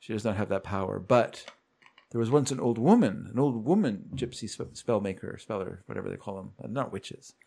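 A man's voice: lowish voice, fairly quick, vocal fry, slightly rough. A man casually retelling a show's plot on a podcast, acting out the characters' lines as he goes. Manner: lively storytelling, acts out characters' lines. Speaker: podcast co-host recapping a show. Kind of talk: casual chat.

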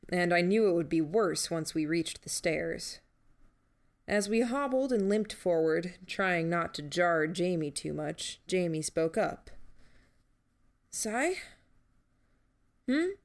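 A woman narrating a first-person novel in a measured, steady reading. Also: lowish voice. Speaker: audiobook narrator.

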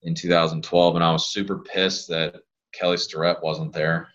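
A man in his thirties with a very low voice chats as a podcast guest. He tells loose, rambling stories in a laid-back way. The audio is a bit dull and lo-fi. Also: little pitch movement, moderate pace, fairly bright tone. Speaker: guest, pelvic health physical therapist. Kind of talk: casual podcast conversation.

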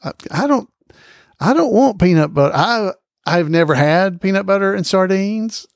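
A man's voice: high-pitched, expressive, moderate pace, gravelly, dry recording, studio quality. A male podcast host chatting casually about trivia, rambling with lots of fillers and small chuckles.

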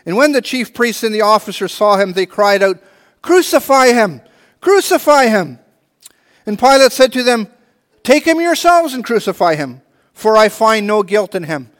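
A man's voice: high voice, expressive, moderate pace, fairly bright tone, big-room sound. A man preaching a sermon and reading scripture aloud, earnest, often restarting and repeating words. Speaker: pastor.

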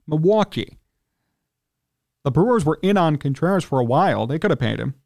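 A man with a Chicago accent, hosting a sports talk radio show, ranting indignantly and clearing his throat as he gets worked up. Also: sing-song, normal speed, a little mellow. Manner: indignant, ranting, pitch jumps when worked up. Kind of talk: heated sports talk rant.

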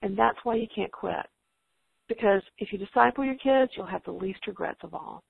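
A woman's voice: medium pitch, moderate pace, gravelly, breathy edge. A middle-aged woman giving an encouraging Christian talk to homeschooling mothers, reassuring and quoting scripture. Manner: warm, reassuring, quotes scripture. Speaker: guest speaker. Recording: tinny phone-like line, dry.

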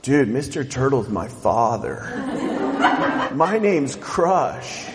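A man voicing a laid-back male sea turtle who talks like a surfer dude, with a slow stretched drawl. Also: medium pitch, sing-song, echoey room, a loud crowd, pitched below the performer's own voice.

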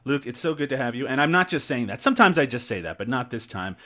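A man's voice: mid-range voice, big pitch swings, fast talker, bright, forceful tone. A man from Newfoundland hosting a podcast, teasing his co-host and laughing often in casual chat. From Newfoundland, Canada.

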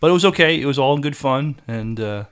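A man co-hosting a podcast, talking casually and haltingly, with many fillers. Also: mid-range voice, animated, crowd noise. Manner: halting, hesitant. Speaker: podcast co-host. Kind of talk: casual chat.

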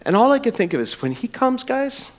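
A man's voice: very high voice, big pitch swings, brisk. A middle-aged man preaching a sermon in church, telling a personal story in an earnest way and closing in prayer. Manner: earnest, storytelling, addresses listeners as friends. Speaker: pastor.

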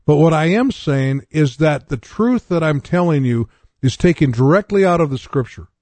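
A man's voice: fairly high pitch, expressive, normal speed, darkish tone, no echo. An older man from North Dakota preaching a radio sermon, telling his own testimony and reading scripture in an earnest way.

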